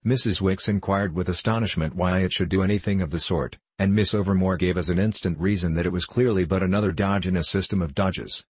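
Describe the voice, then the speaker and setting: A man narrating a novel as an audiobook in a measured, literary way. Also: sits low, steady tone, slightly rough, no room sound. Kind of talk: audiobook reading.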